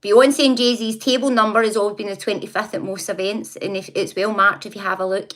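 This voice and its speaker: A woman's voice: mid-range voice, fairly even intonation, brisk, a bit bright. A woman hosting a casual livestream, chatting, laughing often and talking back to her viewers. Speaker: livestream host.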